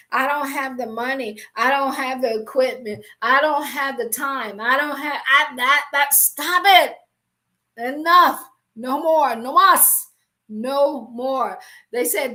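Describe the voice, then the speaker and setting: A middle-aged woman teaching business from the Bible, emphatic and animated, often restarting her sentences. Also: high voice. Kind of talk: faith-based business teaching.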